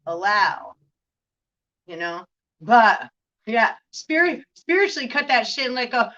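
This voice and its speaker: A woman's voice: fairly high pitch, sing-song, slow pace, pauses often, bright, forceful tone. Rambling woman, dull lo-fi sound. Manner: rambling, laughs often, swears, keeps asking "right?". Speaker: spiritual reader. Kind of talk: casual spiritual vlog talk.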